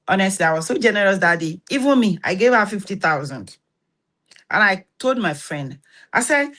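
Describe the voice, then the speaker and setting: This advice-talk host, a woman from Nigeria with a Nigerian accent, speaks fairly quickly at a medium pitch. Her storytelling is animated and preachy, and she acts out the dialogue.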